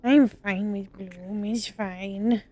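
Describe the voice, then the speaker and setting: A woman's voice: mid-range voice, fairly even intonation, drawn-out words, dark tone. A woman streamer in casual game-stream chat, talking in a dramatic, playfully panicked way.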